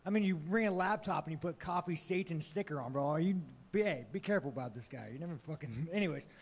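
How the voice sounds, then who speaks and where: Brash, gravelly man at a press conference. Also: on the high side, animated, fast talker. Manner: brash, swearing, joking. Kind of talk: profane casual press talk.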